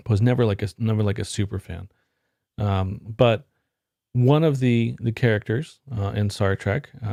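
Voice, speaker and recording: A man's voice: lowish voice, gravelly, a little mellow, no room sound, studio quality. A man vlogging about his IT career, telling a wry, rambling story to the camera in a casual, explaining way.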